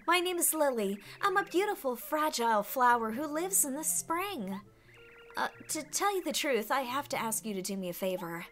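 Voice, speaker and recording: A woman's voice: high voice, sharp tone, voice pushed up, exaggerated voice. A woman voicing a dramatic, vain young female flower spirit, gushing and melodramatic as she reads game dialogue aloud. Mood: flattering.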